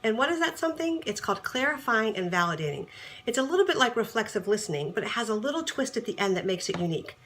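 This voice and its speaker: A woman relationship coach giving casual advice straight to camera, chatty and animated, acting out bits of dialogue as she explains. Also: on the high side, fast talker, faint music behind.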